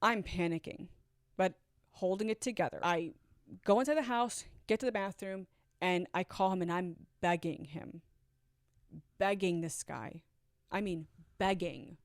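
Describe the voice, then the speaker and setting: A woman's voice: fairly low pitch, unhurried, dry recording. Earnest woman in her forties, dry sound. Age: 40s. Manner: earnest and emphatic, with swings between loud urgency and near-whispered asides. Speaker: storyteller. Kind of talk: confessional storytelling.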